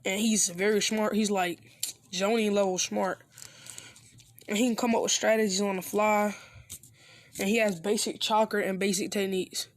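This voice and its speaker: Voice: mid-range voice, steady tone, moderate pace, long pauses, dry recording. A narrator improvising a fan story in a rambling, casual way, full of fillers and restarts.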